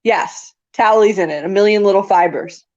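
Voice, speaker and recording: A woman's voice: mid-range voice, moderate pace, a little mellow. A woman chatting casually on a stream, telling rambling anecdotes with frequent laughter and fillers. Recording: slightly dull lo-fi sound.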